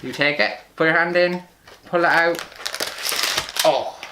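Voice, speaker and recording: A young man vlogging in a casual, rambling way, excitable and full of fillers. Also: on the high side, measured pace, background noise. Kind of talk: casual vlog chat.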